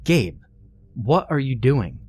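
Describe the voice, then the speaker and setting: A man's voice: mid-range voice, sing-song, slow pace, darkish tone, pitched above the performer's own voice. A man voicing a frightened, irritable burly young man who keeps pleading and complaining as they explore.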